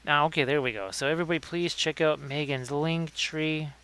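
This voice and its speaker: A man's voice: a little high, fairly even intonation, fairly quick, fairly bright tone, smooth. A man hosting a casual livestream painting tutorial, chatting with viewers by name between painting tips. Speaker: miniature painting streamer.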